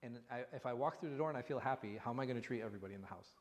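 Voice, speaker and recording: Imam teaching with rhetorical questions, hall reverb. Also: male voice, mid-range voice, rapid-fire. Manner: animated, asks rhetorical questions. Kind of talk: conversational religious lesson. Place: mosque hall.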